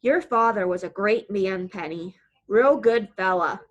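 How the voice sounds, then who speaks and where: A woman's voice: mid-range voice, unhurried, close to an everyday voice. A woman voicing a big, round, good-natured uncle who keeps the peace in his family and talks in a weary, sentimental way.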